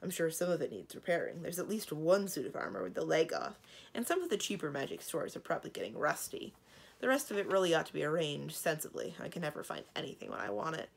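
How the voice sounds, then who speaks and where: A woman voicing a calm, commanding female dragon with dry humor, speaking in a measured, matter-of-fact way. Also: low voice, creaky, slightly rough, exaggerated voice.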